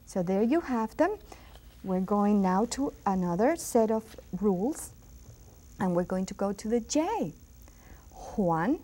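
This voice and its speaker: A woman's voice: mid-range voice, very animated, warm tone. A woman from Puerto Rico with a Puerto Rican accent, teaching a language lesson on a school TV program and patiently repeating words. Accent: Puerto Rican Spanish. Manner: slow, patient, repeats words for the viewer to echo. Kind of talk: educational TV lesson.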